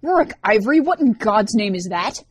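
A woman's voice: medium pitch, expressive, normal speed, husky, no echo, clean studio sound, voice pushed up. A woman voicing a stern schoolteacher who scolds a student.

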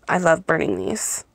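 A woman talks at an unhurried, drawn-out pace into a handheld phone at home. She gushes over what she unpacks and breaks off for small apologies, in an easy, chatty way. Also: lowish voice, creaky, breathy edge, no room sound. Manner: gushing, slow and chatty, apologetic asides. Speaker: vlogger reviewing products. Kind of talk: casual unboxing chat. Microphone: phone held in hand, then set down.

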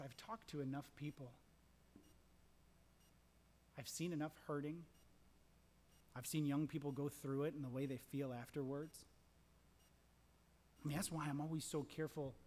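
A middle-aged man preaching a sermon as pastor, impassioned, repeating phrases, swinging from loud emphasis to hushed whispers. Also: a little high, slightly rough. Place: large church sanctuary. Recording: long church reverb.

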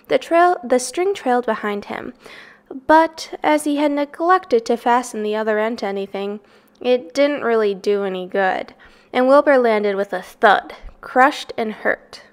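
A woman reading a children's novel aloud in a soft, even storytelling voice. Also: on the high side. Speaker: reader.

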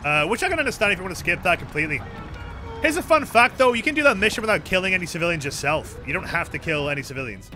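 A man's voice: high-pitched, big pitch swings, very fast, sharp tone, faint music behind. A young man streaming a video game with rambling, joking, profane commentary. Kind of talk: casual gameplay commentary.

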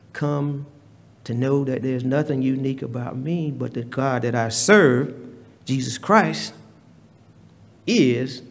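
A man preaching a sermon in a church, leading a prayer and telling stories in a slow, deliberate manner. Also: mid-range voice, creaky. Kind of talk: sermon with hymn singing and prayer. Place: church sanctuary. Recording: reverberant church hall.

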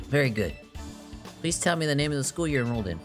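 A courteous, formal woman interviewer from a video game, read out by a man. She asks her questions politely, with an animated lilt, and faint game music plays behind her. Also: mid-range voice, fast, lightly acted.

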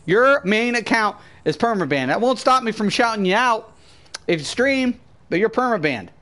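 High-voiced profane man streaming a game. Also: expressive, normal speed, a bit bright. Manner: profane, ranting, addressing chat. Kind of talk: live gameplay commentary.

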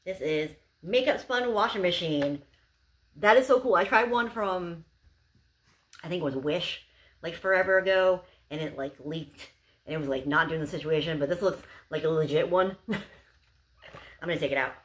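A woman's voice: on the low side, moderate pace, long pauses. A young woman chatting casually to camera as she unboxes gifts, gushing and bubbly, with lots of "like"s. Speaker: unboxing vlogger.

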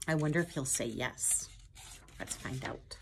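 A woman's voice: very deep voice, measured pace, creaky, background noise. A woman hosting a children's story time, reading a picture book aloud with chatty asides to young viewers. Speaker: storyteller host.

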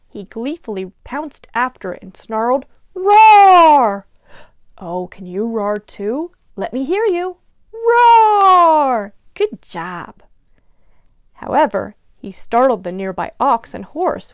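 A woman librarian reading a picture book aloud to young children in an expressive, animated way. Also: mid-range voice, dry recording, studio quality. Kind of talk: children's storytime read-aloud.

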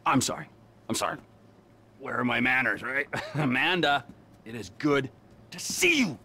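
A man's voice: mid-range voice, animated, moderate pace, pushed and bright, slight background noise. An actor playing a volatile, menacing male criminal in a video game cutscene, talking in a mocking, sarcastic way. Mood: mock cheerful. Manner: mocking, sarcastic, lurches between sneer and fake cheer.

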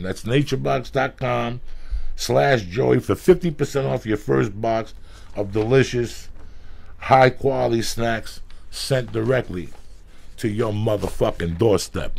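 A man hosting his podcast, reading sponsor ads in a loud, emphatic, profane, rambling way. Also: fairly low pitch, moderate pace, creaky. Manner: loud, emphatic, swears freely. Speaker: podcast host.

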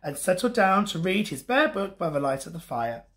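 A man and teacher reading a bedtime story to children in a gentle, expressive way. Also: high voice, normal speed.

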